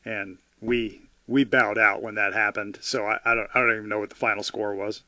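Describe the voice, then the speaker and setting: A man on a morning radio show, giving an unhurried plain account. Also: lowish voice, level tone, bright, forceful tone, no room sound. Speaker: radio co-host. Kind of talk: casual morning radio chat.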